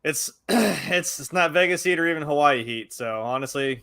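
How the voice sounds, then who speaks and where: A Midwestern man cracking dry jokes on a podcast. He talks quickly, and his voice has a bright, forward edge. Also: a little high, clear, resonant tone. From Ohio. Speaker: podcast co-host. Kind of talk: casual chat.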